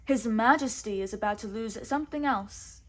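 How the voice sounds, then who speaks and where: A woman's voice: a little high, moderate pace, lightly acted, rough recording. Woman doing a jolly loyal sidekick. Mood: cheerful. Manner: cheerful.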